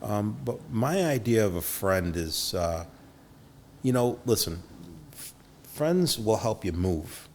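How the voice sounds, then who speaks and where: A man's voice: on the low side, big pitch swings, takes it slowly, long pauses, darkish tone, slight background noise. A middle-aged man telling stories as a podcast guest, acting out quotes with big jumps in his voice and swearing freely. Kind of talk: storytelling interview.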